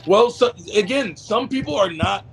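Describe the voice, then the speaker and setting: A man's voice: high-pitched, animated, moderate pace, faint music behind. A man co-hosting a live stream who talks bluntly and swears freely in casual chat.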